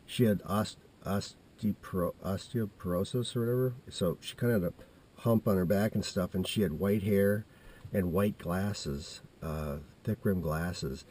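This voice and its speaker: A man's voice: sits low, measured pace, a little mellow, slight background noise. A man in his fifties telling a personal story in a casual, meandering way, full of restarts and asides. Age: 50s.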